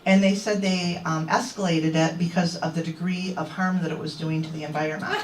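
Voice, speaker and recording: A woman's voice: fairly low pitch, brisk. A woman activist telling a crowd an indignant story and acting out what others said. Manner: indignant, quoting others in animated voices. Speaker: activist speaker. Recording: echoey, distant mic.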